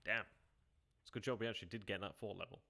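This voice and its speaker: This strategy-game streamer talks very fast in a fairly low, bright, forceful voice with vocal fry. Reacting as he plays, he mutters, questions his own choices, repeats phrases, and chats with viewers between moves.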